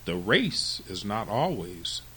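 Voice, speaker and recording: Very expressive male storyteller. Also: lowish voice, slow pace, breathy edge, rough recording. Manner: very expressive, lively narration. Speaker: storytelling podcast host. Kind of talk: children's storybook reading.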